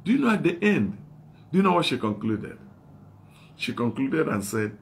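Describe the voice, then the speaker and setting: A man's voice: medium pitch, sing-song, normal speed, creaky, pauses often, slight background noise. A middle-aged male evangelist preaching a sermon, asking emphatic repeated questions and telling his stories in a plain, unscripted way.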